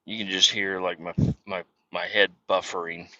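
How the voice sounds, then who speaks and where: A man's voice: low-pitched, level tone, normal speed, bright, forceful tone, dry recording, highs cut off. A man hosting a casual podcast, rambling through family stories in a profane, self-deprecating way while on the road. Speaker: podcast host. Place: car.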